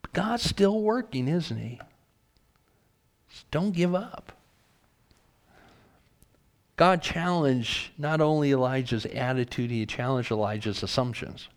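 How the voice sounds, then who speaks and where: A man's voice: medium pitch, normal speed. A man preaching a sermon, reading scripture aloud and asking earnest rhetorical questions.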